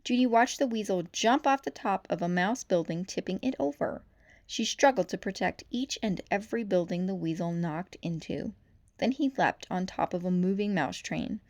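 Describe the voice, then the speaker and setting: A woman reading a children's novel aloud for storytime, with lively, expressive narration. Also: medium pitch, normal speed. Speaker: storytime reader.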